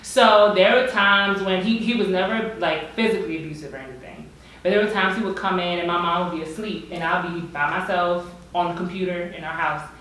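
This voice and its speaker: Animated young woman in echoey room. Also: on the low side, brisk. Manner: animated storytelling, laughs often. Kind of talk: casual group discussion. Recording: echoey room, mic far off.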